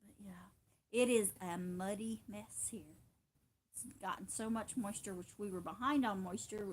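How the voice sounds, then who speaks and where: A woman's voice: mid-range voice, moderate pace, a little hiss or hum. A woman hosting a casual homestead livestream, chatting in a rambling way and laughing often. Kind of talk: casual chat.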